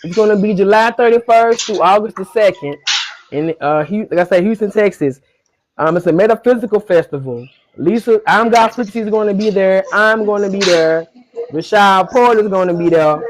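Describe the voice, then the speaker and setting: A woman hosting a casual online podcast chat, relaxed and teasing in a colloquial way. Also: medium pitch, a little fast. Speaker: podcast host.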